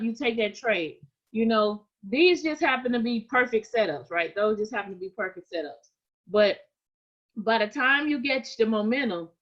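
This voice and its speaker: Repetitive trading coach woman, lo-fi sound. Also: mid-range voice. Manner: conversational, repeats points, frequent "right?". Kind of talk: live trading lesson.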